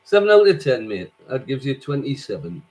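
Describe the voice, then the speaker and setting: A man hosting a quiz, reading out scores and questions slowly and repeating each question. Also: medium pitch, big pitch swings, a little mellow, poor audio. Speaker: quiz host.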